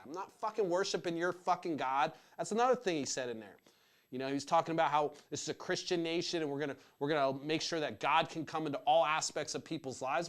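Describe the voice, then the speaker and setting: A man's voice: fairly high pitch, a bit bright. A man hosting his own show, ranting about politics in an angry, profane, emphatic way. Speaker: podcast host.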